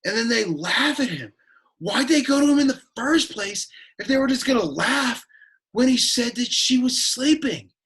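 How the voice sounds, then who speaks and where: A man voicing a sullen, awkward teenage boy who gives a Latin lesson, deadpan, whiny and easily annoyed. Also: extremely high pitch, normal speed, breathy edge, exaggerated voice. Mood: exasperated deadpan. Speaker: Latin teacher.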